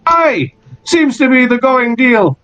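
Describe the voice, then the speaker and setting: A man's voice: very high-pitched, big pitch swings, slow, pushed and bright, lo-fi sound, soft background music, voice pushed up, full character voice. A man voicing a crude, mocking male town guard in a tabletop game, speaking in a coarse, jeering way. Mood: gruff.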